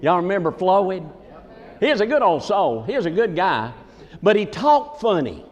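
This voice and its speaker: A man with a Southern drawl spins folksy comic stories and ribs the crowd in a chatty way. His voice sits a little high and swings up and down with lively energy. A long hall echo hangs behind him. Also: moderate pace. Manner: folksy, chatty, teasing the audience. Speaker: comedic entertainer. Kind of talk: stand-up storytelling in a folksy character. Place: large conference hall with a live audience. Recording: echoey hall.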